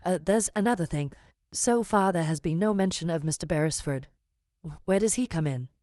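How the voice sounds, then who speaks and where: A woman voicing a spirited, wary young woman in an audiobook, brisk and direct in her questions. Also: on the low side, animated, mellow, no room sound, studio quality, lightly acted. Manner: brisk, direct and quick-witted. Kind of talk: audiobook character reading.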